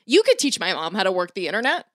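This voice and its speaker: A woman's voice: medium pitch, huge pitch swings, fast, a bit bright. A woman in casual chat with her mother, chatty and teasing. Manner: chatty, teasing, frequent laughs.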